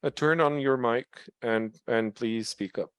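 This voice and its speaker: A man moderates an online session over a video call, his voice smooth and clear. He speaks politely and formally. The sound is dry and close. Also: medium pitch, a little slow, dry recording.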